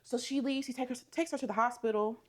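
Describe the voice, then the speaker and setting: A woman's voice: on the high side, fairly even intonation, quick pace, background noise. A woman co-hosting a podcast, animatedly recapping a movie in casual chat, swearing and laughing often. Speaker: podcast co-host.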